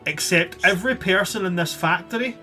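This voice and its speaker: A man's voice: sits high, a little fast, bright, forceful tone, soft background music. A man narrating as game master of a tabletop game, loose and self-interrupting, often laughing.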